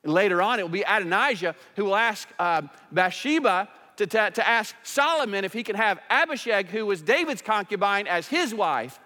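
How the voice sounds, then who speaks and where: A fairly high-voiced man preaches a sermon, pressing his points with rising emphasis and then dropping into quieter asides. His voice carries the long reverb of a large hall. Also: lively intonation, normal speed, few pauses. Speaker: pastor.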